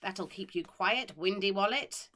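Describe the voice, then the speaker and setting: A woman voicing an evil old woman who runs an orphanage, speaking in a loud, slow, gloating way for a storybook reading. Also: mid-range voice, close to an everyday voice.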